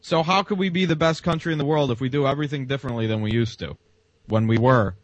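A man's voice: mid-range voice, fast, no echo, highs cut off. Blunt, sarcastic male show host. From United States. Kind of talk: casual interview chat.

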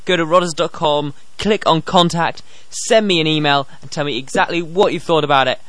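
A playful young man hosting a home podcast, his voice a bit higher than most. He talks breezily into a dry, close mic. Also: brisk, fairly bright tone, no room sound. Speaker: podcast host. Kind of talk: casual podcast chat.

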